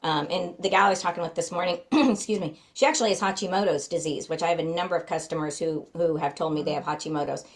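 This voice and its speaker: A woman talking as a guest in a casual interview, chatty and quick with frequent fillers. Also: on the low side, rough recording. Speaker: guest, flour company founder.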